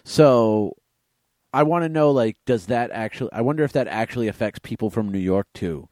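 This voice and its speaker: A man's voice: medium pitch, moderate pace, a little mellow, no echo. A man from Massachusetts co-hosting a casual movie podcast, thoughtful and dry-humored. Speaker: podcast co-host.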